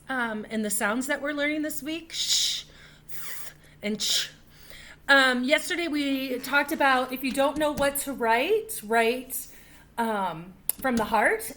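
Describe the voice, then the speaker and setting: Slow, high-voiced woman teacher. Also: fairly bright tone, a little hiss or hum. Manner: slow, patient, repeats key points for children. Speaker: first grade teacher. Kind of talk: remote writing lesson for young children.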